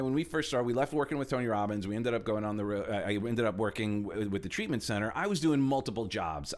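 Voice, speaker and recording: A middle-aged man giving a motivational talk as a coach, animated and acting out little quotes as he explains. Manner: animated, shifts pitch a lot for emphasis, acts out quotes. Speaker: speaker and coach.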